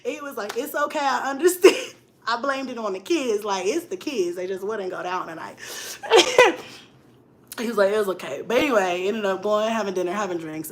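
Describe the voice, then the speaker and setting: Animated woman telling a story. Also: medium pitch. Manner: animated, laughing, swings from loud to hushed. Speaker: vlogger. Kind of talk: casual storytelling chat.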